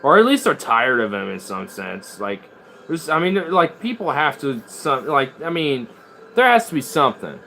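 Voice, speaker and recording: A man's voice: medium pitch, very animated, moderate pace, gravelly, pushed and bright, slight background noise. Rambling, casual young-sounding man. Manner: rambling, swears freely. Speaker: streamer playing guitar. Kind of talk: casual chat.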